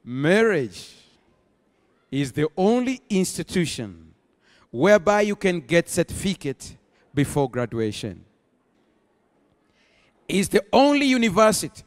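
A man preaching a sermon as pastor, rising into emphatic bursts and slowing to stress key phrases. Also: high voice. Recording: long hall reverb.

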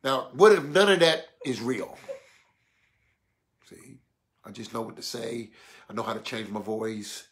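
A man preaching a sermon, animated and colloquial, acting out voices to make his points. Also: medium pitch, a little slow, long pauses, slight background noise. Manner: animated, mimics voices, laughs.

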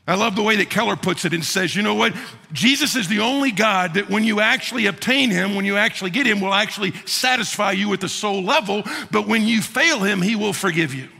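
A man preaching a sermon as pastor, animated, with joking asides and mock voices for the figures he quotes. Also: high-pitched, brisk, creaky, slightly rough. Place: church sanctuary. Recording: reverberant church sanctuary.

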